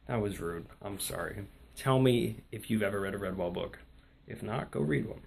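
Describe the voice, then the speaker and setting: A young man telling an excitable, rambling vlog story about his day. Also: on the low side, moderate pace, gravelly. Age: young adult. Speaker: vlogger. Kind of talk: casual vlog chat.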